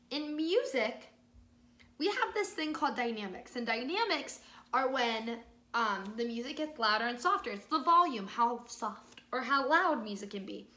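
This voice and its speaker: A woman music teacher reading a picture book aloud to young children, slow and exaggerated, with encouraging praise, sung bits and shifts between whispers and loud parts. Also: on the high side, roomy sound. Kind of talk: children's storytime read-aloud and music lesson.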